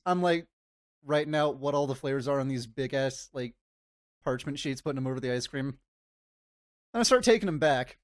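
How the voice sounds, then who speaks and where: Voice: mid-range voice, no room sound, clean studio sound. A young adult with a mid-range voice tells a work story in a casual chat. The talk is laid-back and sprinkled with swearing. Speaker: podcast co-host.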